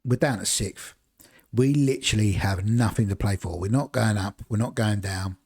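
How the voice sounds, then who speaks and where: A man's voice: on the low side, normal speed, darkish tone, breathy edge. Chatty man streaming a football manager game. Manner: rambling, chatty, talks to chat between choices. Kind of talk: casual live-stream commentary.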